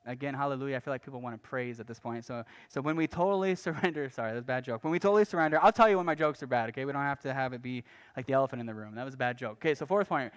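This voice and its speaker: A pastor preaching a sermon in a casual, conversational way, often restarting phrases and adding light asides. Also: male voice, medium pitch, rapid-fire, few pauses. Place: church.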